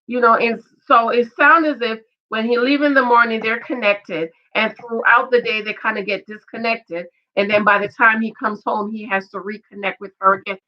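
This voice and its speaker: A woman's voice: on the high side, fairly even intonation, normal speed, few pauses. A woman recapping a reality TV show in a casual, gossipy, opinionated way, with asides to her viewers. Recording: dull lo-fi sound.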